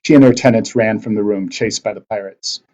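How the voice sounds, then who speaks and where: A man teacher reading a novel aloud to his class with expressive narration. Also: fairly low pitch, a little fast, muffled recording.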